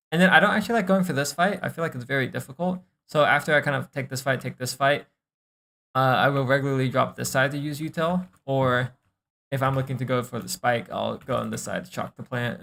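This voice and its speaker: A young man with a gravelly, creaky edge talks through gameplay on a stream, coaching in a loose, unhurried way. He thinks aloud, trails off into fillers and drops the occasional swear. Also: medium pitch, a bit bright. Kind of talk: casual gameplay review.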